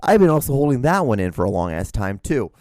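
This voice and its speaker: A man's voice: medium pitch, big pitch swings, fast, darkish tone, dry recording. A man hosting a solo podcast, ranting with lots of swearing and mocking voices, seated at a desk microphone. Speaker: podcast host. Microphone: desk microphone in front of him.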